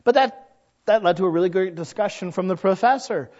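High-voiced folksy preacher man, lo-fi sound. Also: brisk, darkish tone. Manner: folksy, chatty, acts out quoted voices. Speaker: pastor. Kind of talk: conversational sermon. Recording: dull lo-fi recording.

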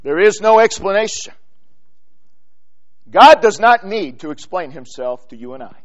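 A man preaching a sermon. He reads scripture in King James wording and swings from loud, stressed lines to hushed drops. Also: sits high, sing-song, moderate pace, dull audio.

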